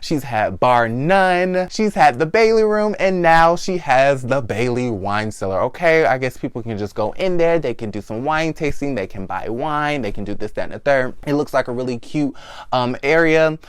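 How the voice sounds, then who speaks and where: A man's voice: mid-range voice, expressive, moderate pace, smooth, no room sound, clean studio sound. A young man hosting his own vlog, recapping a reality TV show in a sassy, blunt, profane chat. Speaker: vlog host.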